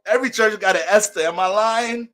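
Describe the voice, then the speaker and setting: A man's voice: sits high, brisk, fairly bright tone, faint music behind. A man hosting an astrology livestream, greeting viewers by name in playful mock-preacher banter.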